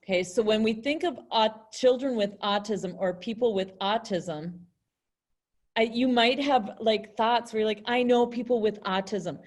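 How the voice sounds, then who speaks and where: A young woman teaching an online class in a chatty way, acting out example phrases in different tones. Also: a little high. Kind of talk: virtual classroom lesson.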